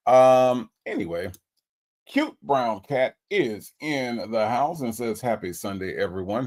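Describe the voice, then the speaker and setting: A man's voice: mid-range voice, lively intonation, slow, a little mellow. A man hosting a casual livestream, reading out viewer comments and greeting each one in a playful way. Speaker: livestream host.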